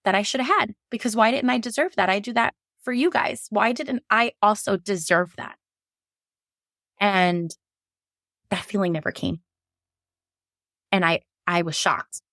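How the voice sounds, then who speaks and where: A woman's voice: medium pitch, no room sound, studio quality. A woman, a labor and delivery nurse, tells her own story frankly and emotionally, with many restarts. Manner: slips into animated voices when quoting herself. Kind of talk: candid personal storytelling.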